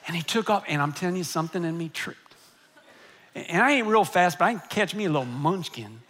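A middle-aged man, a pastor telling a personal story in a sermon, animated and swinging between loud and hushed. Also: high voice, brisk.

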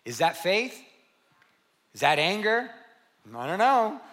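Man, pastor, sermon to a congregation, bright tense voice, high pitch, animated and repetitive. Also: slow pace. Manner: animated preaching with rhetorical questions and repetition. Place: church service with a congregation.

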